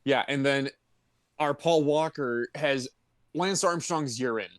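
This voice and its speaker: A man's voice: mid-range voice, slow, no room sound, studio quality. A man co-hosting a podcast, chatting casually about a movie in a laid-back, agreeable way. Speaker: podcast co-host. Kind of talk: casual movie review chat.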